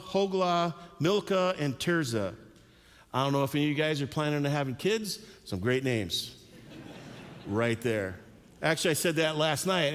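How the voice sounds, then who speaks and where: A man's voice: a little high, fairly bright tone. A man preaching a sermon as pastor, telling a Bible story and acting out the voices of its people. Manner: storytelling, acts out voices of biblical figures. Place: church sanctuary. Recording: church hall with long reverb.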